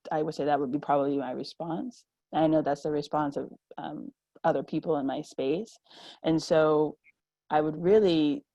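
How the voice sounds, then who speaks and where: A woman's voice: deep voice, darkish tone, dry recording, low-quality recording. A woman speaking as a panelist in a roundtable discussion over a video call, earnest and acting out the voices she quotes.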